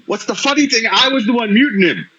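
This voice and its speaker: A man in a heated live-stream argument, talking in a lively, lecturing way. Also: very high voice, fast talker, dull audio, a loud crowd.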